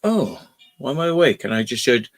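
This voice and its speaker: A man's voice: medium pitch, fairly quick. Exasperated man swearing through a story. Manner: swearing, animated storytelling with exasperated quoted asides. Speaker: host. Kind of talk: casual chat.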